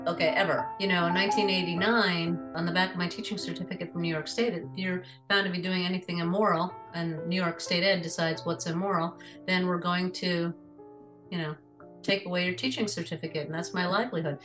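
A woman's voice: lowish voice, steady tone, a little fast, fairly bright tone, soft background music, low-quality recording. A retired teacher in her sixties, a woman, speaking frankly and conversationally about her life in an interview. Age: 60s. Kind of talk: personal storytelling.

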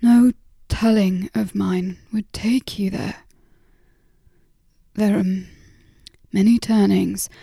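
A woman whispering as a gentle, weary father. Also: mid-range voice, gravelly, breathy edge, no room sound, clean studio sound, full character voice. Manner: slow, measured, kindly. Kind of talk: whispered role-play.

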